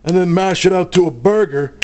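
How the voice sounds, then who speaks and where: A man's voice: high-pitched, fairly quick, a little mellow. A man hosting a casual cooking demonstration in a kitchen, joking and bantering with his crew as he cooks. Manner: joking, brash, talks to crew. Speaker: cooking show host. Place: kitchen with grill.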